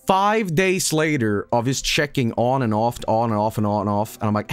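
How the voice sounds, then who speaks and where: A man's voice: mid-range voice, expressive, moderate pace, few pauses, soft background music. A man, a streamer casually telling a rambling, self-mocking story.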